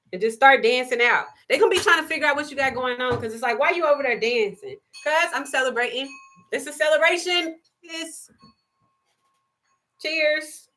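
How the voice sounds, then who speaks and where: Bright, emphatic woman preaching healing. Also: sits high. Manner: emphatic and repetitive, preacher-like cadence; shifts into soft, gentle asides to her child. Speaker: spiritual live-stream host. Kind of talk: impassioned spiritual monologue.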